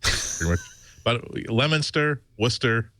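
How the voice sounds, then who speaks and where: A man's voice: mid-range voice, expressive, measured pace, sharp tone, dry recording. A man from the area, a podcast guest joking in casual banter. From Boston area. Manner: playful, mock-tough local talk.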